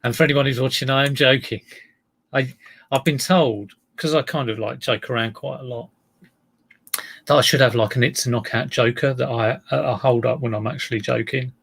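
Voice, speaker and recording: A man hosting a casual live stream about his online resale listings, talking in a deadpan, joking way. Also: mid-range voice, normal speed, vocal fry, breathy edge. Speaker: livestream host.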